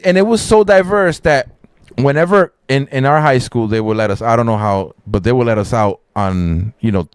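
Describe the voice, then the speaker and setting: A man, hosting a live stream and chatting casually, telling animated stories and acting out voices. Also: medium pitch, clean tone, no room sound, studio quality. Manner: animated storytelling, acts out voices, swears a lot. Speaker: streamer host. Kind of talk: casual chat.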